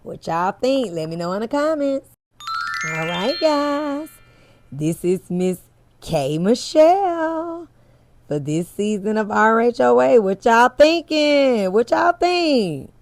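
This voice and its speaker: A woman's voice: a little high, very animated, slow, a little mellow. A woman hosting a casual commentary chat, talking straight to her viewers in a candid, chatty way and swearing freely. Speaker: host.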